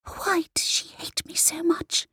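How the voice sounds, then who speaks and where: A woman's voice: slow pace, pushed and bright, no echo, studio quality. A woman voicing a furious, hurt seven-year-old girl with raw, defiant outbursts. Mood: hurt whisper.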